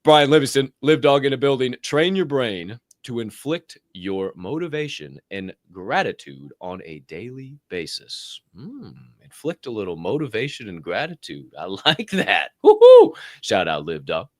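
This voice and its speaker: A man hosting a podcast, giving energetic shout-outs in casual chat, swearing freely and whooping. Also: medium pitch, normal speed, hardly any pauses, no room sound. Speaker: podcast host.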